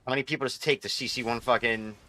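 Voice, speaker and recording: A young man streaming live, commenting on his gameplay in an excitable, profane, rambling way. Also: medium pitch, rapid-fire, a little hiss or hum.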